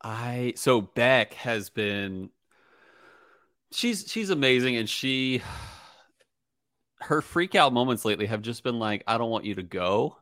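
A man in his thirties co-hosting a podcast in casual chat, agreeable and quick to affirm his partner. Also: mid-range voice, animated, a bit bright, no room sound, studio quality. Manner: agreeable, frequent listener affirmations. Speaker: podcast co-host.

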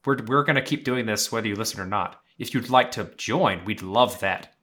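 Bright, blunt, sarcastic man. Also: lowish voice, a little fast. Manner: blunt, sarcastic, swears freely. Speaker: podcast co-host. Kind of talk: casual roundtable chat.

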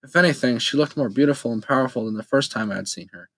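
A man reading a first-person novel aloud in steady, plain storytelling narration. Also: medium pitch, fast talker, no echo, rough recording. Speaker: audiobook narrator.

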